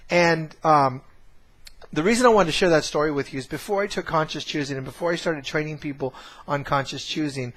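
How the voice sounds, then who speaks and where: A man's voice: on the high side, brisk, fairly bright tone. A man casually telling a family story to camera, rambling with many fillers and restarts. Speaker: course trainer.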